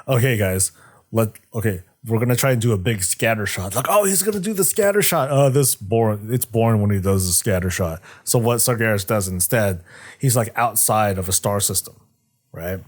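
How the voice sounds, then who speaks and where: A man's voice: lowish voice, fairly even intonation. A young man chatting casually on a livestream, rambling and swearing, joking as he retells a story. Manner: rambling, profane, jokey, acts out characters in quick asides. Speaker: streamer discussing game lore.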